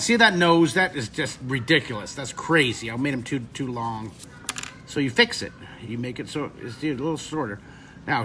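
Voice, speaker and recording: A man's voice: a little high, a bit bright, slight background noise. Rambling, emotional man teaching drawing. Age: 50s. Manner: rambling, emotional storytelling between drawing steps. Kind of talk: live webcast drawing lesson with chat.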